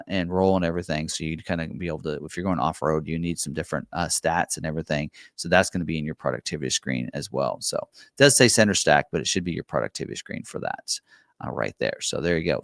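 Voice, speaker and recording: With a deep voice and studio-quality sound free of echo, a car dealership man gives a relaxed, casual walkthrough of truck packages and prices. Fillers pile up, especially "um," and he repeats "for you" often.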